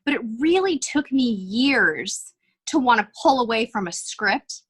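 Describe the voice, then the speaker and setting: Middle-aged woman, bright voice, earnest and self-aware, chatting on a podcast. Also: fairly high pitch, animated, a little slow, slightly rough. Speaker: cruise vlogger, guest. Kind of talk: conversational podcast interview.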